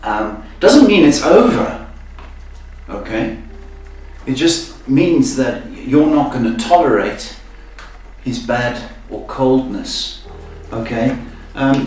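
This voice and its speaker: A man hosting a live-stream psychic reading, talking gently and often checking in with "okay?". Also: medium pitch. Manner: slow, soothing, ends phrases with "okay?". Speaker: psychic host. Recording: echoey room, mic far off, faint noise.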